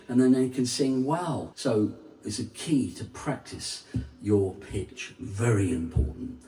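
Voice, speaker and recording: An unhurried male vocal coach speaks slowly and with emphasis, breaking into sung vowels to show what he means. His voice comes from a little way off the mic in a roomy, echoing space. Faint music plays underneath. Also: mid-range voice, warm tone, distant mic. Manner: demonstrates with sung vowels and scat syllables. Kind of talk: singing lesson to camera.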